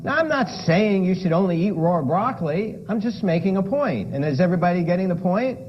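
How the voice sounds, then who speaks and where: A man with a high, very lively voice gives a playful lecture with props and keeps quizzing his audience. The recording is dull and lo-fi, with clear noise behind him. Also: brisk. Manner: playful, asks the audience questions. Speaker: lifestyle medicine lecturer.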